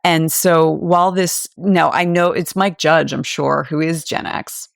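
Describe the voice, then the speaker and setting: A woman's voice: low voice, steady tone, a little slow, creaky, dry recording, studio quality. A woman in her forties, a podcast co-host, talking through her opinions in a thoughtful, candid chat. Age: 40s. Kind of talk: casual discussion.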